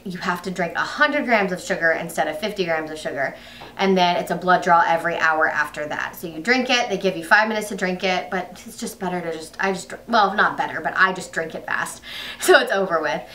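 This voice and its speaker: Young female vlogger, lowish but bright voice, chatty with many fillers, mic set back a bit. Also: far from the mic. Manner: chatty, lots of "like" fillers, quoted asides. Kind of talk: casual storytelling vlog.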